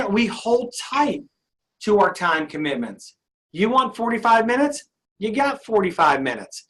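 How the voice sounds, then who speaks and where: A man's voice: high voice, fairly bright tone. A male sales trainer leading an interactive session, upbeat and often asking his audience questions.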